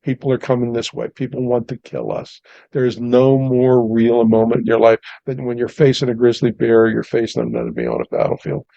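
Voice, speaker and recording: A man's voice: mid-range voice, expressive, brisk, vocal fry, dark tone, no room sound, muffled recording. A man hosting a podcast, talking in a philosophical, emphatic way about truth and experience. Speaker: podcast host. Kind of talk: casual conversation.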